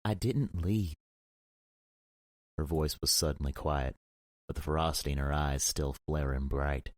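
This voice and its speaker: A man narrating a romance audiobook in the first person, gruff and brooding, with frequent swearing. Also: rumbling low, completely flat delivery, moderate pace, dry recording, clean studio sound.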